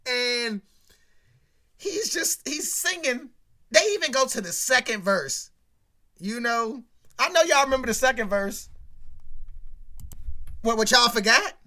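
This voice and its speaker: A woman hosting a casual commentary rant, animated and slangy, talking straight to her viewers. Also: high voice, measured pace, pauses often. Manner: animated, slangy, keeps addressing the audience. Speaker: show host.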